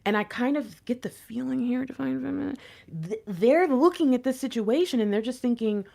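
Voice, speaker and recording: Excitable woman tarot reader, higher voice. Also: moderate pace, vocal fry. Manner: excitable, conversational, addressing viewers directly. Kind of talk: tarot reading to camera.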